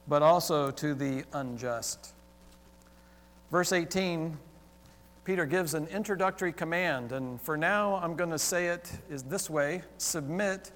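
A male pastor preaching a sermon, talking with the congregation and acting out exclaimed questions in an animated way. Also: on the high side, big-room sound. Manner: animated, interacts with congregation, acts out quoted exclamations. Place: church sanctuary.

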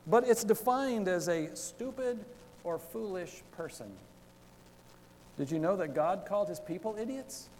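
A man preaching a sermon in a loose, chatty way, full of asides and quick laughs. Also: high voice, a little mellow, in a large hall. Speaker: pastor. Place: church.

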